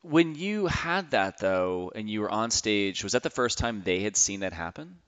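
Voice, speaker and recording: A man's voice: lowish voice, very animated, moderate pace, a bit bright, smooth. A man hosting a casual podcast interview, asking long, rambling questions. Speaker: podcast host.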